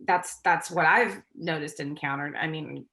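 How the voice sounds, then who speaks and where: A woman's voice: deep voice, normal speed, background noise. A woman actress speaking earnestly on a video call, reflecting with frequent restarts. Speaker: actress, guest. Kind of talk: casual interview over video call.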